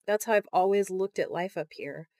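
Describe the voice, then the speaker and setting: A woman's voice: medium pitch, normal speed, darkish tone, no echo, close to an everyday voice. A woman reading the part of a shy, anxious young woman astronaut who speaks hesitantly, in an audiobook. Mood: earnest. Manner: hesitant, nervous.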